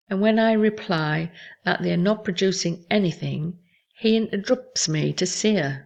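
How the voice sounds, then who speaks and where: A woman hosting a show, reading aloud from her memoir in a measured, somber way. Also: on the low side, vocal fry, a little mellow. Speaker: host.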